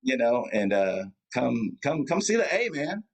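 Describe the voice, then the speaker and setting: A man leading a church talks with a friend over a video call. He rambles, circling back with fillers and restarts as he works out his thoughts. His voice sits at an ordinary pitch. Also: big pitch swings, unhurried, crowd noise, poor audio. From United States. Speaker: pastor, guest. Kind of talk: casual conversation. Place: Atlanta area.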